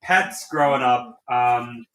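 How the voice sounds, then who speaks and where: A man making casual small talk in a contest, slow and hesitant, reading out viewer questions. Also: medium pitch, a bit bright, reverberant, slight background noise. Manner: drawn-out, hesitant, reads viewer comments. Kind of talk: casual banter.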